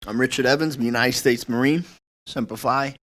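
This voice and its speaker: A man's voice: medium pitch, fairly even intonation, brisk, a bit bright. A man with a Boston accent, a Marine veteran speaking earnestly and patriotically, with many fillers. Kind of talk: interview statement.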